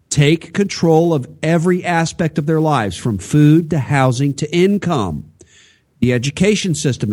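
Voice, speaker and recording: A man's voice: on the high side, warm tone, slightly rough. A man co-hosting a political talk show, lecturing in a preachy way with rhetorical questions. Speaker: podcast co-host.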